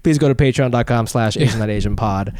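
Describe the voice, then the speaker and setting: Podcast cohost guy, smooth clean voice, playful teasing, dry close sound. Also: mid-range voice, quick pace, a little mellow, no room sound. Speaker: podcast co-host. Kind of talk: casual podcast chat.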